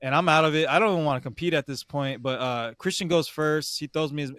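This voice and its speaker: A man's voice: on the high side, fast, fairly bright tone, smooth, no room sound. Slangy young man telling a story. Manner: slangy, swears a lot, says "bro" often. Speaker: podcast host. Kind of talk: casual storytelling.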